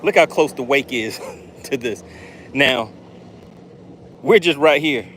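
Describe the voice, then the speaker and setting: A man hosting a live fishing stream from a boat, excitedly talking to his viewers and reading their chat aloud. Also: medium pitch, takes it slowly, a little hiss or hum. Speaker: fishing channel host. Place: on a boat on open water. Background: jet skis and outdoor ambience.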